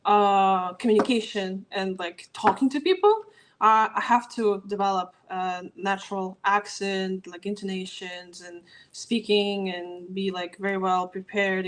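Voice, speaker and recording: A woman's voice: mid-range voice, fairly bright tone, rough recording. A woman whose first language is Russian, a guest in an interview, talking casually with many fillers and restarts. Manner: casual, filler-heavy with frequent "like". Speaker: guest, startup growth expert. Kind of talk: conversational interview.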